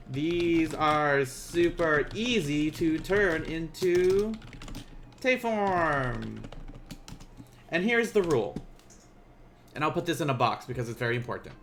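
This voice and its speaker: A man teaching a casual live-streamed Japanese lesson, joking with viewers and slowing down to pronounce each word. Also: a little high, fairly bright tone, a little hiss or hum. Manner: playful, laughs and teases chat viewers; slows down to pronounce Japanese words.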